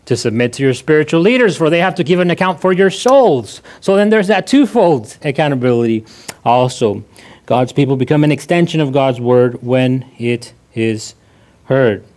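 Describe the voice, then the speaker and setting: A man's voice: mid-range voice, lively intonation, moderate pace, darkish tone. A male pastor preaching a sermon in a conversational way, repeating key phrases and often restarting his sentences. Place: church.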